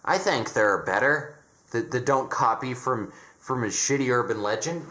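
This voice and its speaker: A man's voice: mid-range voice, animated, moderate pace, bright, forceful tone, reverberant. A man giving an opinionated casual review, sarcastic and dismissive, often stumbling and restarting his words. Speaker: horror reviewer.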